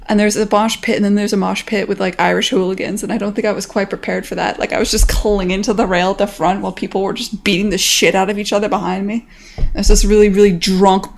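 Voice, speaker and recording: An American woman in her thirties, a game developer chatting casually on a stream in a rambling way, swearing freely. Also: mid-range voice.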